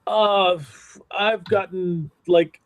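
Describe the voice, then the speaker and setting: A man co-hosting a casual stream, speaking haltingly with wry asides. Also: high voice, steady tone. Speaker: stream co-host. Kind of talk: casual chat.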